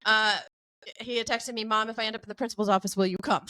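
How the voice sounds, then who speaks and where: A woman's voice: fairly high pitch, fairly even intonation, fast talker, pushed and bright, poor audio. A woman in her forties hosting a podcast, talking bluntly and animatedly and laughing often. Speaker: podcast host. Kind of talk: casual podcast chat.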